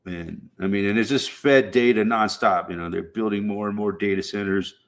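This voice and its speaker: A man's voice: on the low side, moderate pace. A man streaming, chatting casually in a rambling, profane way with frequent fillers. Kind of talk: casual chat.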